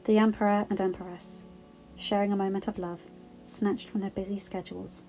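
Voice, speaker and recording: Woman calmly narrating a story. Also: medium pitch, moderate pace, lo-fi sound, faint music behind. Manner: calm, even storytelling. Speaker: fan fiction reader.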